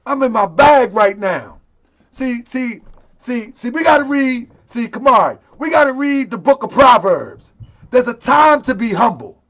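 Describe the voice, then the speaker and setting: A man with a very high speaking voice, talking in a loose, slangy livestream rant. He is emphatic and laughs often as he addresses his temple's followers. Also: big pitch swings, a little slow, fairly bright tone.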